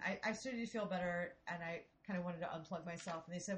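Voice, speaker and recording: A woman in her forties from Ohio, telling a story in casual, profane, animated chat. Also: medium pitch, fairly quick. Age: 40s.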